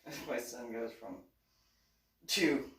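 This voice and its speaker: A woman vlogger with an extremely low voice speaks slowly, telling a lively, rambling personal story and laughing often between lines. She sounds distant from the mic in an echoey room.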